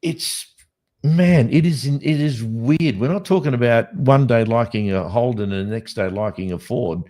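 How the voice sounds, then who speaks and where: An Australian man hosting a casual late-night podcast, rambling and joking as he thinks out loud. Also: mid-range voice, moderate pace. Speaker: podcast host.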